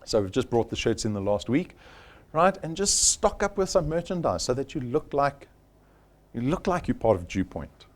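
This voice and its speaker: Emphatic man, lively pitch. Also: moderate pace. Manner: emphatic, punchy, repeats key points. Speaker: sales trainer. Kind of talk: live workshop presentation.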